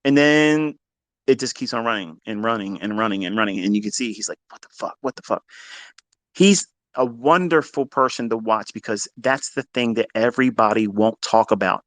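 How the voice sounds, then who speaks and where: In this unscripted pep talk, a man acting as a trading mentor swears freely and speaks bluntly, going from low muttering to loud, emphatic eruptions. He talks at a normal speed, with no echo.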